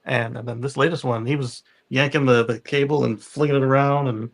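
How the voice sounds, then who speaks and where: A man co-hosting a podcast talks a little fast at a medium pitch in a steady tone. It's a casual panel chat, and he rambles with many restarts.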